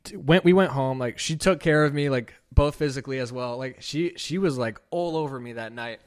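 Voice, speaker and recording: A man's voice: medium pitch, fairly quick. A young man hosting a podcast, telling a raw, unscripted personal story in casual, profane speech, full of "like" and quoted back-and-forth dialogue. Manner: casual, profane, heavy use of "like"; animated retelling with quoted dialogue. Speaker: podcast host.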